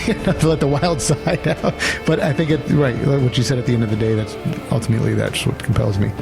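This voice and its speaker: Male podcast co-host, gravelly, rambling easygoing talk, faint music underneath. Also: medium pitch, fairly even intonation, fast talker. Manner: laughs often, rambling and self-correcting. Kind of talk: casual chat.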